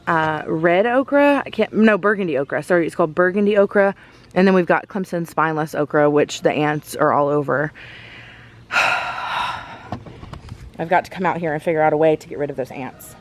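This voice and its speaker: Chatty woman touring her garden. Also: fairly low pitch. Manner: chatty, rambling, many ums and self-corrections. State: out of breath from walking fast. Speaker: farm vlogger giving a garden tour. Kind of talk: casual walking tour chat. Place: outdoors in a garden.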